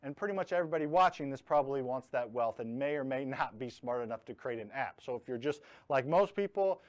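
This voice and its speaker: A man hosts a live online training class on real estate investing, speaking bluntly and jokingly and hitting his key words hard. His medium-pitched voice moves quickly with lively intonation.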